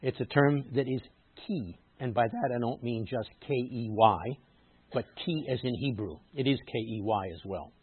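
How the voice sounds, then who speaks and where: Preaching man, rising loud on key words. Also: medium pitch, normal speed, husky, no echo. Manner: emphatic, rises loud on scripture quotes, teacherly asides. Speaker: rabbi. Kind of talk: sermon. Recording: muffled phone-like sound.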